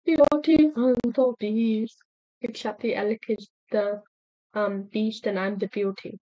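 A woman giving casual let's-play commentary, excitable and talking aloud to the animals in her game. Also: mid-range voice, slow, highs cut off. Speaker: gameplay streamer.

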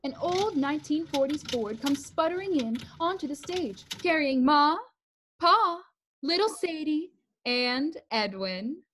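A woman reads out the stage directions of a comic play. Her fairly high voice stays brisk and matter-of-fact throughout. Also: expressive, a bit bright. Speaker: narrator reading stage directions.

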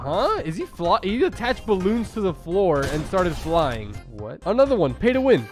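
A young man reacting to game clips in excited, slangy commentary, laughing often and calling everyone bro. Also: high voice, fairly quick. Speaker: reaction video host. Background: game clip audio and music playing.

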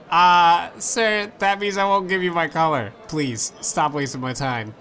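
A man's voice: high voice, normal speed, hardly any pauses, sharp tone. A man playing a story game, reading its dialogue aloud in a playful way and switching voices for the characters. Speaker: let's play gamer.

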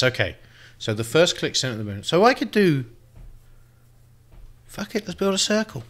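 Guy muttering and swearing thru a city builder, bright voice, pitch jumping all over. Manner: thinks aloud, swears freely, lively asides. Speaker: let's play host. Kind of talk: casual gameplay commentary.

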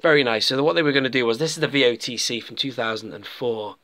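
Male collector-reviewer, bright forceful tone, loose rambling chat to viewers. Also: mid-range voice, fast talker. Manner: rambling, chatty, addresses viewers as folks. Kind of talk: casual toy review.

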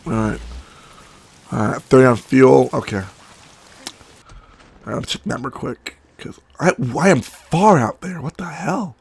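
A sick man with a cracking voice giving rambling, excitable gameplay commentary, swearing often. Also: medium pitch, a little slow, vocal fry, pauses often, breathy edge. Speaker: let's play gamer.

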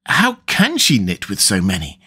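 A man voicing a polite, curious seven-year-old girl in an audiobook, speaking gently and a little plaintively. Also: low voice, wildly swooping pitch, moderate pace, breathy edge, pitched below the performer's own voice, full character voice. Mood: puzzled. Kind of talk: audiobook character voice.

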